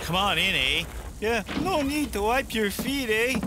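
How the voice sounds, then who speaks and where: An actor voicing a friendly, chatty Canadian camper with a Canadian accent and a folksy drawl, tacking "eh" onto everything. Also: male voice, high voice, sing-song, unhurried, over loud music. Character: jolly Canadian camper man, chatty backwoods brother.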